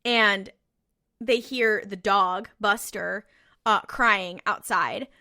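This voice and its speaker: A woman's voice: mid-range voice, drawn-out words, pushed and bright. A woman co-hosting a podcast, recapping a TV episode in a casual, profane, laughing storytelling manner. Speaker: podcast co-host.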